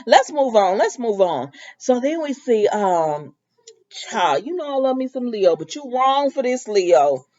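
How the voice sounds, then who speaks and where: Give me a chatty woman recapping a soap, mellow and a bit muffled. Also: fairly high pitch, unhurried. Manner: animated storytelling, sassy asides to characters. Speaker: soap opera recap vlogger. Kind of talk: casual recap with quoted dialogue.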